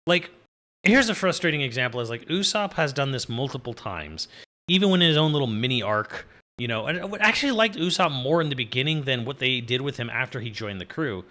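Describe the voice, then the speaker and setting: Bright-voiced man ranting casually. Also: medium pitch, animated, fairly quick. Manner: exasperated, swearing, laughing, rambling. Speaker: video reviewer. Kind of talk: casual rant.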